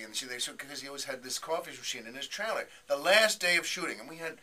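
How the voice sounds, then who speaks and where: A comedian telling an animated anecdote as a guest on a radio show, acting out the people he quotes. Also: medium pitch, fast talker. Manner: animated, acts out quotes with voices.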